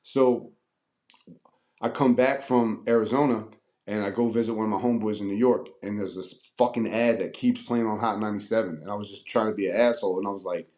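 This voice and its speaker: A man's voice: on the low side, brisk. Profane storytelling man from Maryland. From Annapolis, Maryland, USA. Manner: profane, animated, acts out quoted voices. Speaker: guest rapper. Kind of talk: casual storytelling interview.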